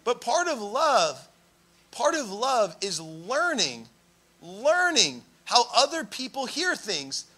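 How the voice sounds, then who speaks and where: A young man preaching a sermon, telling stories in an animated way and raising his voice for emphasis. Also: very high-pitched, slow. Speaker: pastor.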